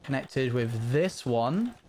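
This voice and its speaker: A man streaming a building game live, chatting casually to his viewers and breaking into panicked high-pitched bursts when something goes wrong. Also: very animated, slow, darkish tone.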